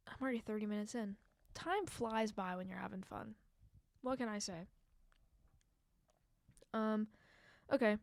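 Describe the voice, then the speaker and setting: A woman's voice: fairly high pitch, darkish tone, dry recording. A young woman hosting a solo podcast, chatting casually and rambling with lots of fillers and self-mocking asides into a handheld mic. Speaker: podcast host.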